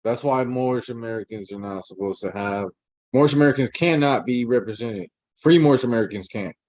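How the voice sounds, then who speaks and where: A man co-hosting a discussion, reading rules aloud in a measured way and sometimes stumbling over words. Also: mid-range voice, a little mellow, no room sound. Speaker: co-host.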